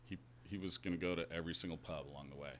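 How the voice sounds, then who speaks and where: Lower-voiced rambling storyteller. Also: male voice, steady tone, rapid-fire, a bit bright, a little hiss or hum. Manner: rambling, stumbling over himself, swearing. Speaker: podcast guest. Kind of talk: casual joke-telling among friends.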